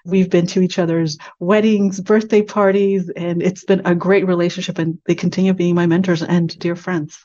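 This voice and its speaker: A woman from Canada, a guest in an interview, tells stories from her career in a lively way and acts out the dialogue she quotes. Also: on the low side, moderate pace, hardly any pauses, muffled recording. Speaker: guest, HR executive. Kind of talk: interview storytelling.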